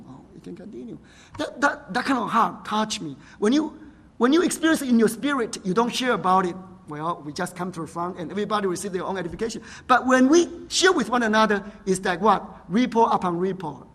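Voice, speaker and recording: High-voiced husky man preaching. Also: lively intonation, a little fast, a bit bright. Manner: frequent "right?" and "huh?" tag questions, non-native phrasing. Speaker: pastor. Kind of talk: sermon.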